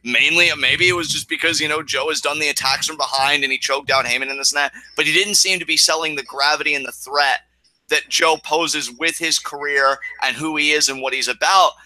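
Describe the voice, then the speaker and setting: A man's voice: on the high side, fairly even intonation, a little fast, sharp tone. A man co-hosting a casual wrestling talk show, rambling and emotional with frequent restarts. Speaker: co-host. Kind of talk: casual podcast chat.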